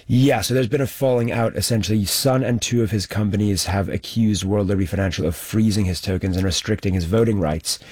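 A man with a lowish voice talks through his documentary reporting. He speaks in a measured, explanatory way and uses occasional fillers, like a journalist answering questions on a panel. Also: darkish tone.

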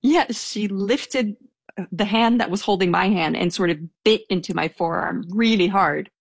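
A woman's voice: mid-range voice, unhurried, vocal fry, no room sound. A young woman telling a personal anecdote in a casual, hesitant way, with small laughs. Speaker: storyteller guest.

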